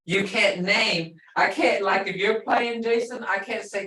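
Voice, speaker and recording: A woman's voice: mid-range voice, measured pace, few pauses, pushed and bright. Woman, language teacher, casual class talk, explains through stories, echoey room, distant mic. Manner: chatty, explains with stories, repeats words for learners. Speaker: language instructor.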